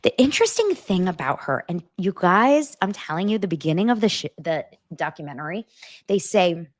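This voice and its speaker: A woman hosting a casual commentary show, talking in an animated, rambling way full of asides and the odd swear word. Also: fairly low pitch, a little fast, dry recording, clean studio sound. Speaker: host.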